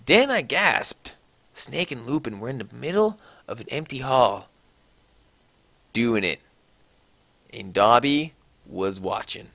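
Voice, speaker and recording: A man's voice: medium pitch, slow, pauses often, no echo. Mock-dramatic man reading a story aloud. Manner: sarcastic, mock-dramatic, animated. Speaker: reader.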